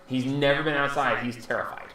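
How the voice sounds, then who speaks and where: A man narrating as dungeon master at a home game, halting with fillers and often laughing. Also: mid-range voice, fairly even intonation, pushed and bright. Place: home room. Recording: echoey room, mic far off, faint background hum.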